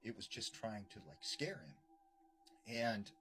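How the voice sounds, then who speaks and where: A man's voice: on the low side, sing-song, takes it slowly, poor audio. A man casually retelling a true encounter story in a loose, conversational way, full of fillers. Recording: background noise clearly audible.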